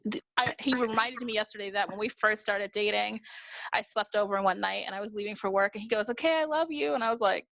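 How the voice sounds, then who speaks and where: A woman from New York, a guest on a video call, telling a story in animated casual chat, acting out quotes and laughing often. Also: mid-range voice, fast talker, creaky, dry recording, lo-fi sound.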